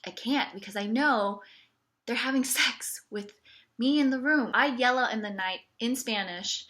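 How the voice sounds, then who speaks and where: A woman recounts her own story in a relaxed, confessional style, wry and sarcastic about what happened to her. Her voice sits a bit high and sounds bright and sharp. She keeps dropping in casual fillers and ironic reassurances. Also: normal speed. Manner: candid, wry and sarcastic, repeating 'it's okay' ironically; conversational with frequent 'like' and 'you know'. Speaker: podcast host telling her own story.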